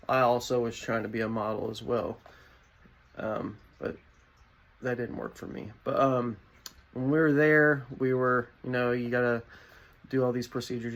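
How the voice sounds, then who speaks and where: A young adult man giving a rambling, deadpan comedic monologue to his viewers. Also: mid-range voice, gravelly. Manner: rambling, deadpan, with many fillers. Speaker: vlogger.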